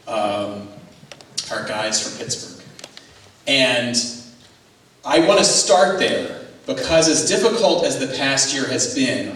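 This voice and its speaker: Rabbi giving a dinner speech, earnest w a few jokes, far off mic, really echoey hall. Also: male voice, mid-range voice, a bit bright. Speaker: rabbi and guest speaker.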